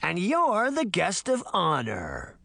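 A man's voice: sits high, huge pitch swings, slow, creaky, pushed and bright, no echo, pitched above the performer's own voice, heavily acted. A man voicing a taunting boy who is half spider, mocking and sing-song. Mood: gloating. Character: taunting boy spider monster, giggling bully.

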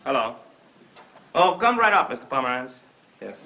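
A man with a Cuban Spanish accent playing an excitable bandleader husband in a 1950s sitcom, lively and exclamatory. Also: medium pitch, normal speed, vocal fry. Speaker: bandleader turned actor. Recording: lo-fi 1950s TV audio with hiss. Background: studio audience laughter.

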